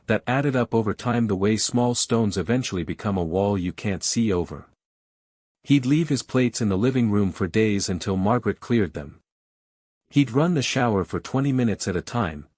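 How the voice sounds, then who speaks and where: Older male narrator, low-pitched, measured and reflective, dry close sound. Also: a little mellow, no room sound. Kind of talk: scripted first-person story narration.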